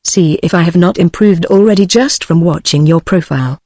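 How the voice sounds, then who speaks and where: A text-to-speech British woman's voice reading the lines of a bold young male European adventurer in a storybook, with even, synthetic delivery. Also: fairly low pitch, brisk, no room sound, clean studio sound, natural voice. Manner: evenly read synthetic delivery.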